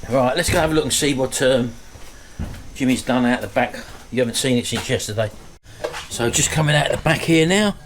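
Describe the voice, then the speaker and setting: A man's voice: mid-range voice, fairly quick, slight background noise. A middle-aged man, chatting casually to his viewers at home and calling them folks. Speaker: vlog host. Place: at home, house and garden.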